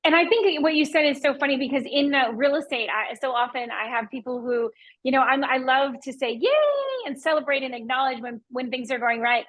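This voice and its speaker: A woman with a high voice hosts a podcast interview. She is enthusiastic and encouraging, often praising her guest. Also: steady tone, fairly quick, fairly bright tone, low-quality recording. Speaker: podcast host and real estate agent. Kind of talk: interview conversation.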